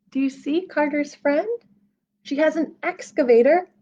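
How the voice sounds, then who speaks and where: A woman children's librarian reading a picture book aloud at storytime, playful and animated, with gasps and sound effects. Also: sits high, measured pace, highs cut off.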